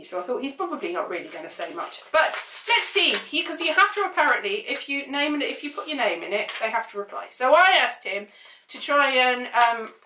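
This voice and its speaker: Bright-voiced woman, rambling and opinionated. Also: a little high, reverberant, a little hiss or hum. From United Kingdom. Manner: rambling, opinionated, sarcastic asides. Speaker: vlogger. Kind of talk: casual chat to camera.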